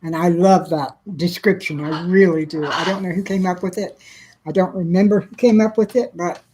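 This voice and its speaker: A middle-aged woman from Texas chatting on a livestream, answering viewers by name in a soft, emotional way. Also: lowish voice, steady tone, normal speed, slight background noise, poor audio. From South Central Texas. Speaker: livestream host. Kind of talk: casual livestream chat reading viewer comments.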